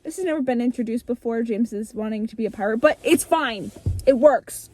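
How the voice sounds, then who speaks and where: Young adult woman, high-ish voice, animated casual storyteller with a loose swearing streak. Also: brisk, a little hiss or hum. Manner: animated, breezy, swears freely, acts out lines. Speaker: vlogger retelling her childhood story.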